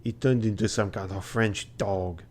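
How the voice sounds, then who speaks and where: A man's voice: lowish voice, fairly even intonation, moderate pace, darkish tone. A tired man streaming a game, reading its text aloud and making wry, muttered asides.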